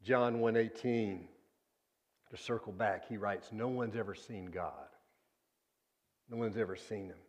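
A man preaching a sermon, earnest and deliberate, often sinking to a hushed low voice on key words.

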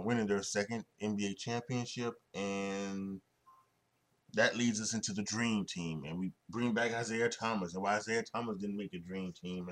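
A young man hosting a solo sports podcast, talking in a rambling way with many restarts and fillers and frequent chuckles. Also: lowish voice. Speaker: podcast host.

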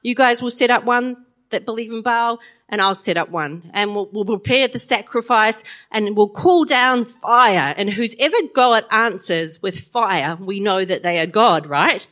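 Woman putting on a cocky prophet guy, teasing and challenging, a bit louder than her usual talk, bible storytime. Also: mid-range voice, unhurried, natural voice. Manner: mocking, challenging. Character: bold confident male prophet, teasing.

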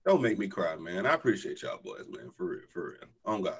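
A man's voice: deep voice, big pitch swings, a little fast, slightly rough. A young man hosting a casual sports podcast, hyped and joking, drawling his sing-song intro. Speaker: podcast host.

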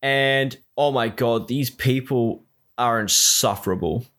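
A man's voice: medium pitch, slow, a bit bright. A man co-hosting a casual chat, telling a rambling, exasperated story full of swearing.

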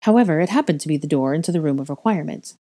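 Stern old wizard founder, clipped and formal, low mellow voice, read by a woman. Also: expressive, very fast, no echo, studio quality.

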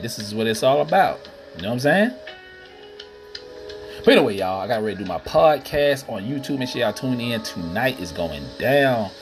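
A man's voice: on the low side, fairly bright tone. A man hosting a podcast, ranting casually and profanely while addressing listeners as y'all. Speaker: podcast host. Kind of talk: casual solo rant. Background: music playing.

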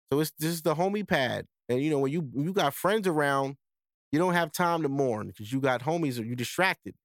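A man's voice: fairly high pitch, lively intonation, a little fast, dry recording, studio quality. Candid young man telling a story. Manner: candid, profane, street slang. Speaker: podcast host. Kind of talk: casual storytelling monologue.

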